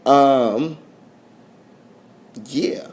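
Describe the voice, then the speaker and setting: A man's voice: mid-range voice, extremely slow, a little mellow. A young man, rambling goofily in an overtired late-night vlog, his voice swooping up and down. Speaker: vlogger. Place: at home, filming on a phone.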